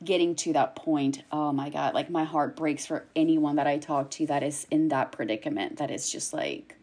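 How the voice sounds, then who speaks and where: A woman's voice: deep voice, normal speed, darkish tone, husky. A woman speaking candidly and emotionally in a conversation, with many fillers. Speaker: guest, cancer survivor.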